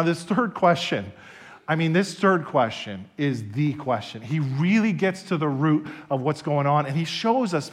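A man preaching a sermon, animated and emphatic as he tells stories. His voice sits fairly high for a man. It rises and falls widely in pitch. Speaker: pastor.

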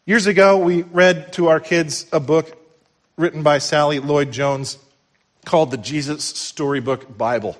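A middle-aged male pastor delivering a sermon in a fairly high voice. His preaching climbs to loud, emphatic peaks, then drops to hushed, tender lows. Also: steady tone, measured pace.

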